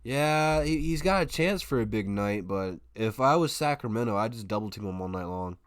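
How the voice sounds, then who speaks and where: A man's voice: on the low side, lively intonation, moderate pace, no echo, clean studio sound. Casual male live-stream sports host. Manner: chatty, talks to chat viewers, restarts often. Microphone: desk microphone.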